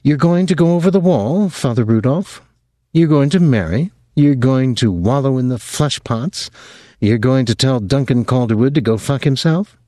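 A man's voice: medium pitch, expressive, moderate pace, mellow, no echo, studio quality, pitched above the performer's own voice, lightly acted. A man voicing a bitter, mocking woman. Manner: harsh and sarcastic. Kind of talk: audiobook reading.

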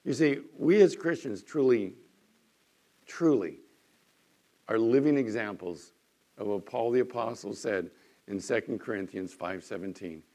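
A man preaching a sermon as pastor, swinging between quiet, earnest stretches and loud, emphatic bursts, often acting out the objections of doubters. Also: lowish voice, lively intonation, measured pace, long pauses.

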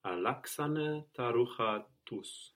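A man's voice: medium pitch, lively intonation, slow, fairly bright tone. A man answering as a student in a language lesson, giving short, careful replies.

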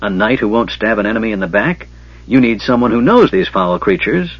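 A man voicing a gruff grumbling old dwarf. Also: fairly low pitch, expressive, fairly quick, no room sound. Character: grumpy stubborn old male dwarf warrior. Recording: dull lo-fi recording.

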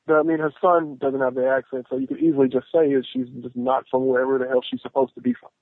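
A man's voice: medium pitch, steady tone, fast, dry recording. A man hosting a casual chat, giving emphatic, opinionated takes. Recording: tinny phone-like line.

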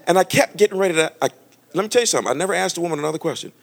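A man preaching a storytelling sermon to a congregation, animated and conversational, often restarting his sentences. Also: sits high, rapid-fire, gravelly. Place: church with a live congregation.

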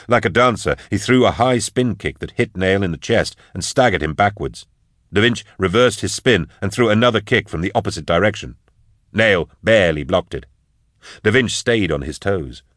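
Deep-voiced male audiobook narrator. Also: dry recording, studio quality. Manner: steady, measured storytelling of action scenes.

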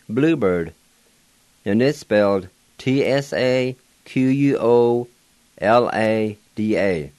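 A man, hosting a radio language lesson, spelling words slowly letter by letter and repeating each one. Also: medium pitch, dry recording. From Oklahoma, United States. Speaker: radio host and language teacher.

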